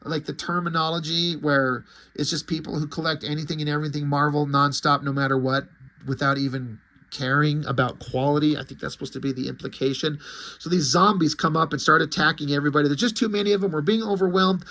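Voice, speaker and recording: A man's voice: a little high, fairly even intonation, fast talker, bright, forceful tone. Incredulous, swearing man reviewing comics. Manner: incredulous, profane ranting. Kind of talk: casual review vlog.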